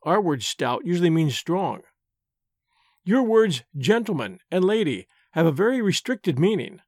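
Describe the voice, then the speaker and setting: A man reads a classic essay aloud in a measured, dry manner. His voice sits high and moves with lively, animated pitch. The recording is close and dry, with no room sound. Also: no echo. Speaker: narrator reading a classic essay. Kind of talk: scripted narration.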